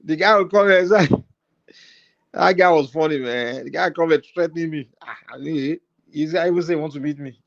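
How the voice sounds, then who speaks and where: A man's voice: a little high, brisk, vocal fry, dry recording. A man with a Nigerian accent hosting a talk show, teasing his guest and laughing often. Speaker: host. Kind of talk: casual talk show banter. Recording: slightly dull, lo-fi sound.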